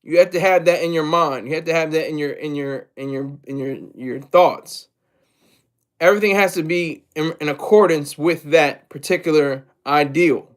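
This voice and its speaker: Brief: male livestream host, high pitch, loose rambling commentary with lots of fillers. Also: normal speed. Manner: rambling, repeats himself, many fillers; asks viewers for tips.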